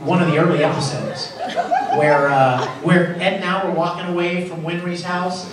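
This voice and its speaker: A man's voice: sits high, steady tone, moderate pace. A man speaking as a voice actor guest at a convention panel, telling jokey stories and acting out the lines he quotes. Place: large convention hall, voice from far off. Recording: echoey hall, far from mic, loud crowd and noise.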